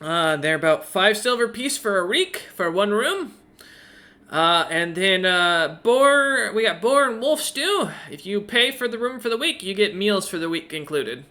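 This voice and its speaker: A man's voice: high-pitched, animated, measured pace, pushed and bright, pitched above the performer's own voice, full character voice. A man voicing a cheerful, fussy little owl-like innkeeper with a chirpy, eager-to-please manner.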